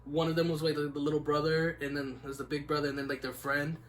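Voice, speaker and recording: A man's voice: a little high, little pitch movement, fast, a bit bright, slight background noise. A young man hosting a casual podcast, rambling laid-back with lots of "like" and "man.". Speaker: podcast host. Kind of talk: casual chat.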